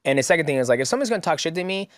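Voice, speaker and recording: A man's voice: a little high, lively intonation, very fast, no echo, studio quality. A man in his thirties, a fighter as podcast guest, telling stories in casual chat, laughing often and swearing casually. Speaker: guest, mixed martial artist.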